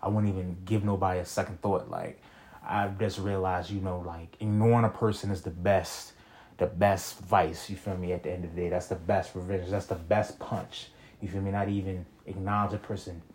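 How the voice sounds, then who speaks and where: A man's voice: sits low, flat delivery, normal speed, a little mellow. A young man telling a personal story in a casual, rambling monologue, full of slang and "you feel me.". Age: young adult.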